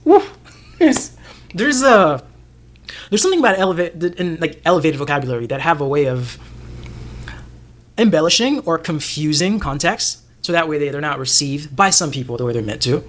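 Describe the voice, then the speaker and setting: Animated, laughing man talking TV. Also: on the high side, normal speed, long pauses. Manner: animated, swearing, laughing often, acting out lines. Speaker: podcast co-host. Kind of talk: casual TV discussion.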